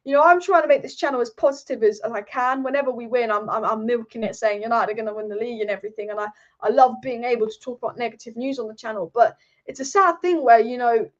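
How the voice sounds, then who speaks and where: A woman's voice: fairly high pitch, fast talker. A woman hosting a football channel, ranting in a fired-up, swearing, repetitive way. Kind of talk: casual opinion rant. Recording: dull lo-fi audio.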